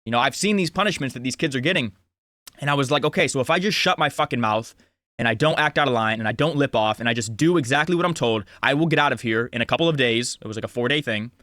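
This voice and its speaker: A man's voice: medium pitch, fast, bright, forceful tone, no echo, clean studio sound. Blunt young man, casual talk. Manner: blunt, frequent swearing, many "you know"s. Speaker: self-help talker. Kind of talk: casual storytelling monologue.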